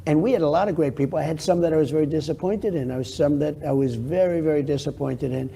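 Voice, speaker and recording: An older man gives rambling, boastful answers in a television interview, circling back to repeat his own points. His voice is gravelly and very dark, with a slightly higher pitch than most men. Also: fast talker, slight background noise. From New York. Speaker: interview guest.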